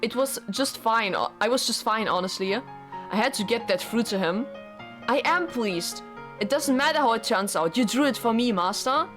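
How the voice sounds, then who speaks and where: Brief: woman reading a gentle, devoted young heroine, slightly high voice, faint music underneath. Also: animated, normal speed. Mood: tender. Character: gentle, devoted young woman narrating her love story. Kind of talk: reading visual novel text aloud.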